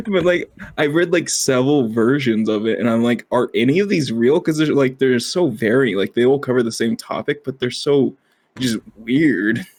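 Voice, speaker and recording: A man's voice: medium pitch, huge pitch swings, a little slow, darkish tone. A man co-hosting a casual podcast chat, rambling with lots of fillers and frequent laughter. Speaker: podcast co-host.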